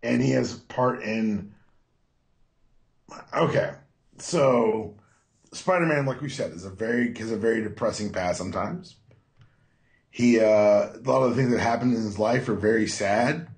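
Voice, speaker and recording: A man co-hosting a casual podcast about comic books, talking in a relaxed way. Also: on the low side, measured pace, gravelly, long pauses. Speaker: podcast co-host. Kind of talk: casual comic book chat.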